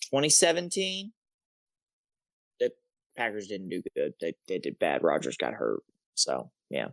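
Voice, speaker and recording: A man's voice: sits low, huge pitch swings, unhurried, creaky, no echo. A man co-hosting a casual sports podcast, swearing freely and rambling through anecdotes. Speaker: podcast co-host.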